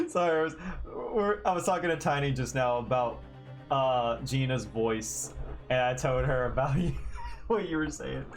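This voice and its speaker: A man's voice: medium pitch, lively intonation, moderate pace, faint music behind. A man streaming a game, chatting casually and rambling with lots of fillers and giggles. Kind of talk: casual live-stream commentary.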